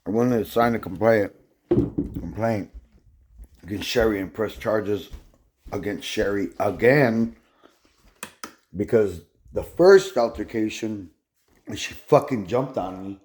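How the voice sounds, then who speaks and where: A man's voice: fairly low pitch, slow, long pauses, a little mellow, slightly rough. A man talking straight to camera in a casual vlog, telling a rambling story in an agitated way and swearing constantly. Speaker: vlogger.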